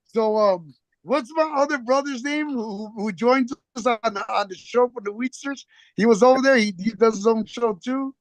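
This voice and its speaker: A man's voice: extremely high pitch, normal speed, dry recording. A man on a video call from his phone, telling rambling, profanity-heavy stories in slangy street talk and acting out the back-and-forth. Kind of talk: casual chat on a video call.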